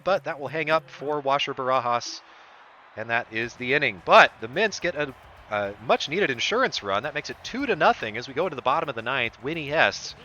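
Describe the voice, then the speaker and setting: A man's voice: mid-range voice, bright, forceful tone, lo-fi sound, a little hiss or hum. A man streaming a baseball video game, commentating it like a broadcaster whose voice jumps up on big plays. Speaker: streamer doing play-by-play. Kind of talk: sports-style play-by-play commentary of a video game.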